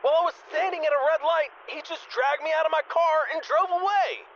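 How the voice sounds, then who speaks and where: An irate caller whose car was just stolen, voice pitched very high, dull lo-fi game audio. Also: male voice, fast talker. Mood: indignant. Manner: agitated, indignant.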